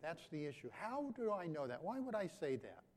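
Preacher swinging from hushed to loud. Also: male voice, a little high, big pitch swings, normal speed. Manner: swings from hushed to loud and emphatic, with repeated phrases. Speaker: pastor. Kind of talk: sermon.

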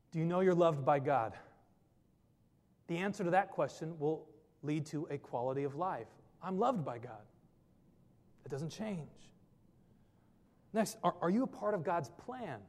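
Male pastor, sermon delivery, earnest and questioning, a touch high-pitched, reverberant sanctuary sound. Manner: earnest preaching with many rhetorical questions.

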